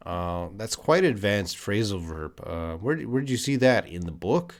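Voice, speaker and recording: On a live stream, a man with a Canadian accent teaches English, reading out viewers' questions and answering off the cuff. His fairly low voice is a little slow but lively in intonation, and he thinks aloud in loose, conversational bursts full of fillers and restarts.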